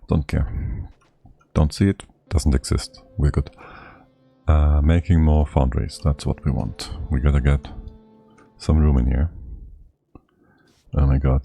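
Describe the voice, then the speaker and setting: Male streamer, very deep and dark, unhurried casual thinking-aloud gameplay chatter, a little winded. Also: gravelly, husky. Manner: muttering to himself, thinking aloud. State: slightly out of breath. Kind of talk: casual live-stream commentary while playing.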